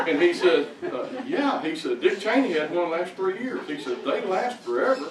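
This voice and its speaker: A man's voice: sits high, big pitch swings, moderate pace, few pauses. Older man, church testimony, folksy and stammering; distant mic, roomy echo. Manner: folksy storytelling, stammering restarts. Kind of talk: personal testimony. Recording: echoey, distant mic, background noise.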